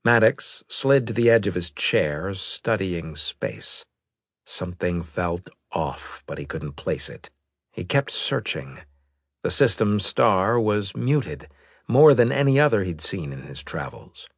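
A man narrating an audiobook in a steady, even storytelling manner. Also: sits low, a little slow, no echo, studio quality. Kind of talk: scripted narration.

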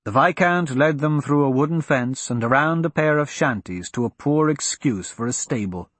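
A man narrates a storybook with an expressive, varied delivery. His voice is husky and swings widely in pitch. The recording is dry and close, with no room sound. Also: moderate pace, no room sound. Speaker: audiobook narrator.

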